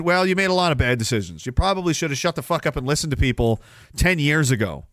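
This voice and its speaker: A man's voice: a little high, animated, fast talker, a bit bright, dry recording, studio quality. A man hosting a podcast, delivering rambling political commentary in a sarcastic, profane way. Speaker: podcast host. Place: Canada.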